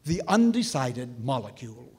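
A man gives a formal radio announcement of a play and its cast. His voice is slightly husky and rises and falls with life. A long reverb trails behind every phrase. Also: medium pitch, big pitch swings, normal speed.

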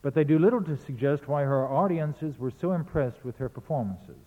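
A literature lecturer explains rhythm in verse, chanting the beats out loud to show them. His voice runs somewhat high and his pace is moderate, and the recording sounds tinny, like a phone, in an echoing hall.

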